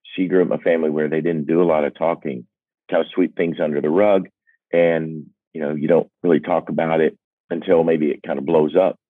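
An older man with a deep, low, steady voice tells candid personal stories at a brisk clip, earnest and self-deprecating, often stopping to restart his thoughts. He sounds like a singer-songwriter reflecting aloud, and the dry, narrow audio resembles a phone line.

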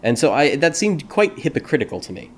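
A man's voice: a little high, a little fast. Playful man hosting a podcast. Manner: playful, jokey, animated. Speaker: podcast host. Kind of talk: casual podcast discussion.

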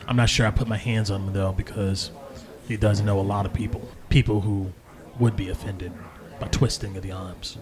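A man voicing a tough, blunt half-orc woman who speaks in a guarded, low-key way. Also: fairly even intonation, moderate pace, crowd noise, lightly acted.

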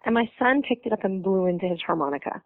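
A woman comedian telling anecdotes as a guest, lively and quick to laugh. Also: medium pitch, no echo, phone-quality sound. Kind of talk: casual storytelling interview.

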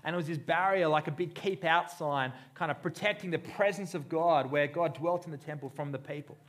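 A man's voice: a little high, a little fast, fairly bright tone. A man preaching a sermon in a conversational way, acting out the voices he quotes. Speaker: pastor.

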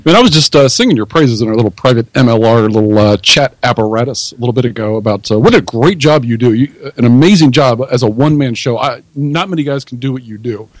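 Fast-talking, teasing male caller. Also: mid-range voice, no echo. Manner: teasing, friendly. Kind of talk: casual phone-in banter.

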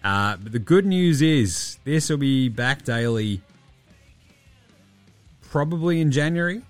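A man's voice: medium pitch, expressive, slow pace, no room sound, soft background music. A man in his thirties with an Australian accent, hosting a basketball podcast in loose, rambling, heavily sweary chat, a little tipsy. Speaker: podcast host.

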